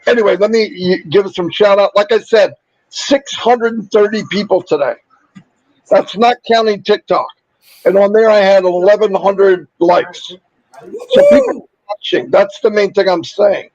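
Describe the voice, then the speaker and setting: A man hosting a casual livestream, upbeat and chatty, rattling off viewer shout-outs while losing his voice. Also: high voice, expressive, moderate pace, dry recording, muffled recording. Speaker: livestream host.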